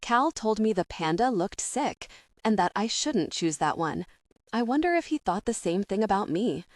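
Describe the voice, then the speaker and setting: Female audiobook narrator, mid-pitched, intimate first-person romance read, dry close mic. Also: very animated, moderate pace, darkish tone, no room sound. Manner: intimate, emotional storytelling.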